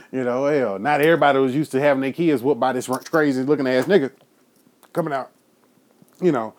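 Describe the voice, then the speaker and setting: Profane ranting man. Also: medium pitch. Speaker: podcast host. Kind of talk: profane political rant.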